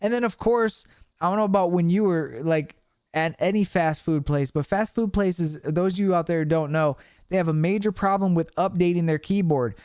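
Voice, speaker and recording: A young man hosting a podcast, telling stories in a casual, animated way with plenty of swearing. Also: high voice, normal speed, smooth, no room sound, studio quality. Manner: animated storytelling with profanity. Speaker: podcast host. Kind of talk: casual chat.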